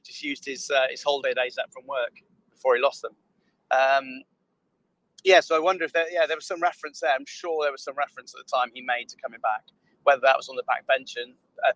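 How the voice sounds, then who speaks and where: A man chatting on a casual online panel, musing aloud in an unhurried way. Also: mid-range voice, a bit bright, dry recording, poor audio. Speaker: panel participant.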